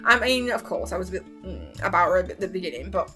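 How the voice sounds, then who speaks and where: Giggly girl gushing over a show, bright slightly high voice, faint music underneath. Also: lively intonation, fast talker. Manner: giggly, gushing, acts out scenes in quoted voices. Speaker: YouTuber reviewing a TV series. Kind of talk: excited casual chat.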